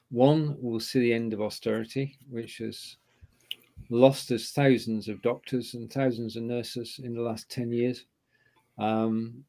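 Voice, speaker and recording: Gravelly-voiced guy on a stream, mid pitch, measured and opinionated. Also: a little mellow. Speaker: co-host. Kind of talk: casual chat.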